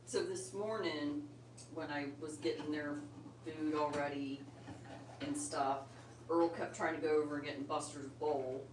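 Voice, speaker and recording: A woman's voice: low voice, fairly even intonation, measured pace. A middle-aged woman hosting a casual livestream at home, chatting and sweetly coaxing her pet bird, recorded on a phone on a tripod. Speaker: bird channel host. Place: home, indoors. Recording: roomy, distant phone mic, loud noise.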